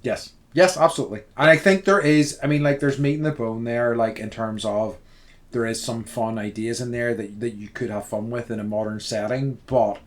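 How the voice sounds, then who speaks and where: A male podcast co-host talks in a hoarse, strained voice, piling up fillers and restarts as he chats. His delivery is loose and rambling, with his thoughts circling before they land. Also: medium pitch, steady tone, moderate pace. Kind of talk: casual film review chat.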